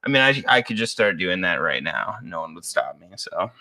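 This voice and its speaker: A man's voice: low voice, sing-song, normal speed, bright, forceful tone. A man from Iowa co-hosting a podcast, rambling and joking in casual, profane chat. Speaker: podcast co-host.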